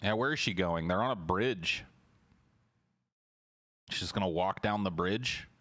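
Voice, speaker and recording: A man with a lowish voice talks loosely and sarcastically on a livestream. He mocks what he is watching, swears freely, and keeps up a running commentary. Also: unhurried, a bit bright, no echo. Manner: sarcastic, mocking, profane; mimics lines in exaggerated high voices. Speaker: livestream host reacting to a trailer.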